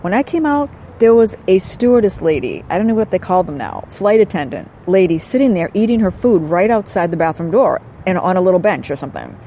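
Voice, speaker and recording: A woman's voice: fairly low pitch, lively intonation, a little fast, few pauses, dark tone, slight background noise, low-quality recording. An older woman hosting a podcast, chatting in a wry, rambling way about her trip. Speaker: podcast host. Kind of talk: casual travel vlog monologue. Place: outdoors then indoors, on a trip.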